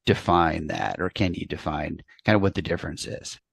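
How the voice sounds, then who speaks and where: New york guy hosting a chat, low gravelly voice, keeps restarting his sentences. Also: very animated, normal speed, no room sound. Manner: chatty, repeats words as he restarts sentences. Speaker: interview host. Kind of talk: casual interview chat.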